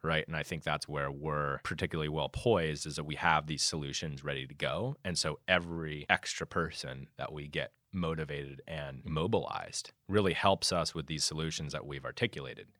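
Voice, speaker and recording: A man speaking as a conservation guest in a casual conversation, animated and often restarting his sentences. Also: extremely low pitch, moderate pace, few pauses, no echo, studio quality. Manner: animated, many restarts and fillers.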